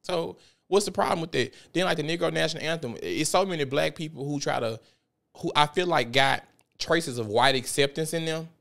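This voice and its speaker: A young man from South Memphis with a Memphis Southern accent, hosting a podcast and telling stories in a loose, profane, animated way. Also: on the high side, brisk, vocal fry. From South Memphis, Tennessee. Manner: profane, animated storytelling with frequent laughs. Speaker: podcast host. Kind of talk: casual podcast monologue.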